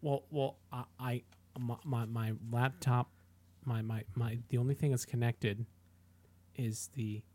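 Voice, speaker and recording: A man co-hosting a podcast, chatting casually in a halting way, often repeating and restarting words. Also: medium pitch, steady tone, dark tone. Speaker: podcast co-host. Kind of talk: casual chat.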